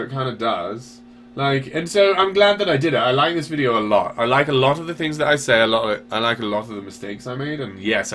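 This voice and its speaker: A man's voice: mid-range voice, fairly bright tone. A man hosting a show, answering viewer questions in a rambling, profane, self-deprecating way. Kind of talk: casual chat.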